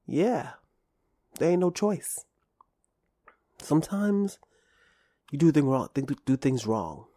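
A man hosting a solo podcast, playful and self-deprecating, rambling with restarts and swinging between whispery asides and sudden loud bursts. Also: medium pitch, dry recording, studio quality. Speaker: podcast host. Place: small room, recording alone. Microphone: close studio microphone.

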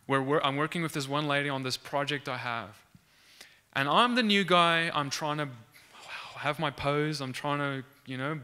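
A young man preaches through a personal story in a casual, animated way. His voice is bright and forceful, with a smooth, resonant tone. He jumps into the voices of the people in his story as he tells it. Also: a little high. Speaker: preacher sharing a testimony. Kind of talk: storytelling sermon testimony.

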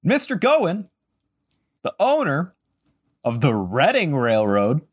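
Wildly animated man telling a story. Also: fairly high pitch, takes it slowly, husky. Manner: animated, sarcastic asides, swings between storytelling and banter. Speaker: podcast host telling a history story. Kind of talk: casual storytelling chat.

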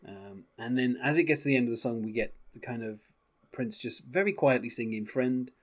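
A man talks loosely about a favourite song, padding his thoughts with fillers and little laughs. His pitch sits right in the middle for a man. Whenever he quotes a lyric, his voice drops low and soft. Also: animated, brisk. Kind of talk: casual music discussion.

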